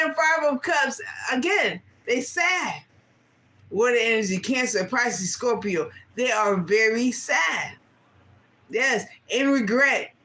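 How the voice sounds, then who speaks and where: Slow-talking woman doing a tarot reading. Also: medium pitch, fairly bright tone. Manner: slangy, repeats "yes, yes" and asks Spirit aloud; laughs between card readings. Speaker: tarot reader.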